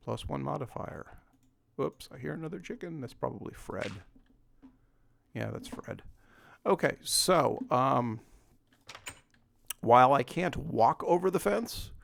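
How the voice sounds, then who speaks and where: A man's voice: medium pitch, creaky, dry recording. A man with a scratchy voice giving casual, rambling gameplay commentary as a let's play host, chuckling at himself. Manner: rambling, self-deprecating, chuckles often.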